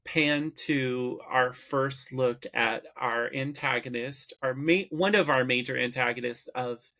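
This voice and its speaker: Man, podcast co-host, unhurried, explanatory, mid-pitched. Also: bright, forceful tone. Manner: slow, explanatory, recaps plot at length. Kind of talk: casual podcast chat recapping an episode.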